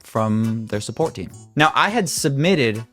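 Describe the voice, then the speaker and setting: A young man excitedly telling a story-time vlog, swinging between loud outbursts and hushed asides, with some swearing and stammering. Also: mid-range voice, unhurried, faint music behind.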